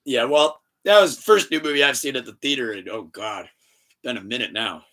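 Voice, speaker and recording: A man hosting a casual podcast, telling stories in an animated, profane way and laughing often. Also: mid-range voice, a little fast. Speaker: podcast host.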